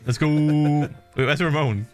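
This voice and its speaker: A man's voice: a little high, fairly even intonation, measured pace, faint music behind. A man streaming a game in casual chat, playful and laughing often, tossing in little sound effects.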